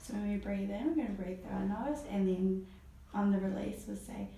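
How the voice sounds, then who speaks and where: Encouraging female voice therapist, gravelly and mellow, recorded in an echoey room from a distance. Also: medium pitch, brisk, slight background noise. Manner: encouraging, praises often. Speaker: voice therapist guiding a client. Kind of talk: step-by-step instruction.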